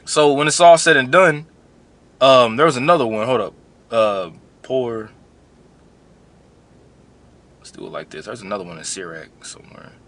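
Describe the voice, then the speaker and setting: A man preaching straight to the people he is answering. His voice is bright and forceful, and his tone is blunt and confrontational. He repeats phrases often as he drives each point home. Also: mid-range voice, normal speed, pauses often. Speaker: religious commentator. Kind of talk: preaching commentary.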